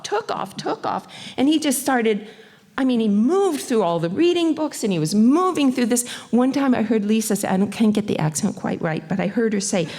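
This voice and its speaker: A woman teacher giving awards to young students at a graduation, speaking gently and brightening as she acts out little quotes. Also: high voice. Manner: gentle, warm-hearted and animated, acting out little quotes. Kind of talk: speech at a school graduation.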